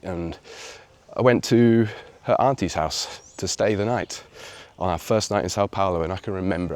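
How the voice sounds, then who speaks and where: An English man in his thirties telling a personal story on his video channel, reflective and lively when he acts out what others said. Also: deep voice. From England. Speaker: vlogger.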